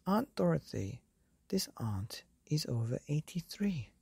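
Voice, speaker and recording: A woman voicing a spoiled young boy who shouts orders, in a bedtime story. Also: sits low, very animated, unhurried, vocal fry, slightly rough, no room sound, voice pushed up, exaggerated voice. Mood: bossy. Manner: bossy and shouting.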